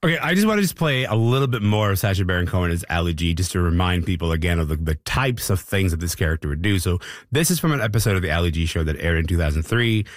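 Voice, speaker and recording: A man hosting a panel discussion, asking questions in a lively, questioning way. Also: low voice, fast talker, dry recording, clean studio sound. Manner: lively, questioning, animated delivery. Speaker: host.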